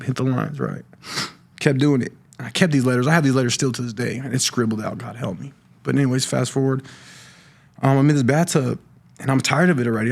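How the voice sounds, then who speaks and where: A middle-aged man giving a personal testimony on a podcast, talking in a halting way with many restarts and repeated words. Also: medium pitch, gravelly. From California. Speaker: podcast guest sharing recovery story. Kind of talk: personal testimony, casual talk.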